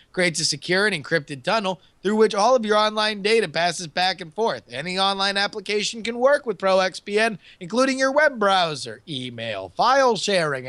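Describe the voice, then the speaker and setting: A man with a high, bright, sharp voice clowns his way through a sponsor read on a comedy podcast. He keeps slipping into silly put-on voices. The sound is dry and close. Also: clear, resonant tone, dry recording. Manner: goofy, puts on voices mid-read. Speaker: co-host reading an ad.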